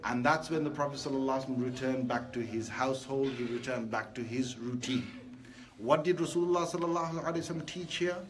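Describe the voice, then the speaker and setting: A man's voice: medium pitch, fast talker. A man delivering a Friday sermon in a hall, telling stories with animation and speaking directly to the men as brothers. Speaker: preacher.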